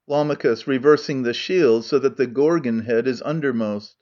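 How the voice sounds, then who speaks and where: A man's voice: medium pitch, moderate pace, darkish tone, muffled recording. A man narrating an audiobook of a play, reading speaker names and stage directions plainly. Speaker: audiobook reader.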